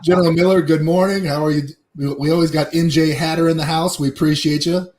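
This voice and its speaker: A man's voice: on the high side, steady tone, fast, a little mellow. A male host chatting casually, greeting people by name in an easygoing way. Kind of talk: casual chat. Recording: roomy echo.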